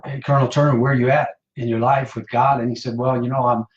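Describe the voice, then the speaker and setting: A man from Michigan, a pastor and Marine veteran, tells a personal testimony on a live stream in a casual, halting way full of fillers and restarts. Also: mid-range voice, flat delivery. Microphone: phone or webcam for a live stream. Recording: dull, roomy live-stream audio.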